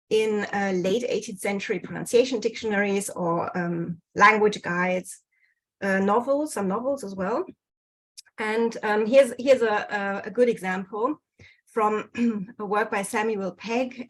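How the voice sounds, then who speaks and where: A woman presents slides in an online talk, heard through a video call. She speaks at a middling pitch and hesitates often, filling gaps with ums and starting phrases over. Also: low-quality recording. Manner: hesitant, many fillers and restarts. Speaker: speaker presenting on dialect history.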